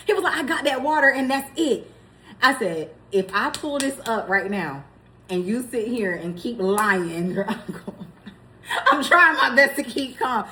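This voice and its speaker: A young woman vlogger telling a story in a casual, animated way, laughing as she goes. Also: sits high, moderate pace.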